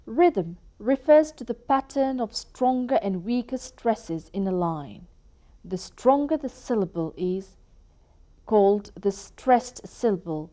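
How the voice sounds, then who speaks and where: A woman gives a poetry lesson, explaining each term in an unhurried, deliberate way. Her voice is mellow and warm rather than bright. She reads lines of verse aloud and pauses between ideas as she teaches. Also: mid-range voice. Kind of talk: educational lecture.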